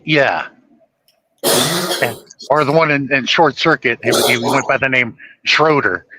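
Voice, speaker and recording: A man's voice: mid-range voice, bright, forceful tone, poor audio. A man in his forties chatting casually, retelling scenes and laughing along. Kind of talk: casual chat.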